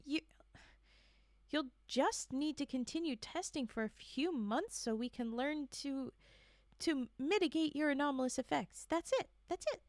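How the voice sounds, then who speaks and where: Reading the lines of a patronizing, dismissive male doctor, a woman uses a high voice pitched above her own, with a darkish tone and a measured pace. The recording is dry and of studio quality.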